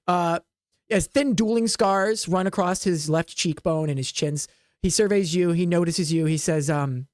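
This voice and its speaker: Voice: medium pitch, measured pace, a little mellow, no room sound. A game master narrating a tabletop game in a loose, rambling way, full of "like" and "um", recorded close and dry. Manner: rambling, hesitant, with many "like" and "um".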